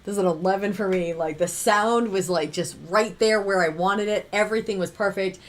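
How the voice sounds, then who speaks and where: Female co-host, conversational, reflective storyteller, mid-pitched. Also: brisk. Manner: reflective, tells personal stories with many fillers. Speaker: reaction video co-host. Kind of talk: casual chat.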